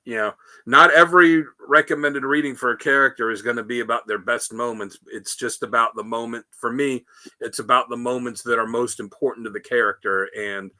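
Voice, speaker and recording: A man hosting a casual podcast about comic books, telling the stories in a rambling, animated way with lots of fillers. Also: mid-range voice, brisk. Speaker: podcast host. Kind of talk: casual comic book discussion.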